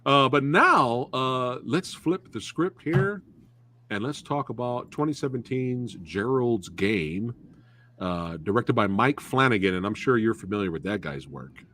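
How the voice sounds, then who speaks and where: Excitable man with a lively, bright voice. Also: medium pitch, unhurried. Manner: excitable, slangy, full of "dude" and "bro". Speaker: host. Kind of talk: casual movie review chat. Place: live stream, reading chat.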